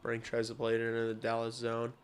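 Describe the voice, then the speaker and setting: Guy live streaming hockey, swears a lot, bantering with chat, gets loud and ranty. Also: medium pitch, monotone, a little fast. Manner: blunt, profane banter with chat, rising into loud rants.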